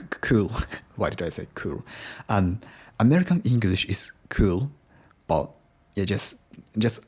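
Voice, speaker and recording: Slow, breathy Japanese-accented man. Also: fairly low pitch, a little mellow. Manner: hesitant, many restarts and self-corrections. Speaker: podcast host. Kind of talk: casual solo podcast talk.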